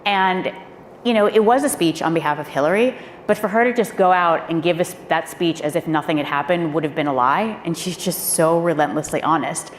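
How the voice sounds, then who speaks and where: Brief: former speechwriter, woman, animated storyteller, boomy venue with a faint hiss. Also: a little fast. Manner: animated, acts out quoted voices. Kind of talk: candid storytelling on a live panel. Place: event hall. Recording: echoey hall with faint noise.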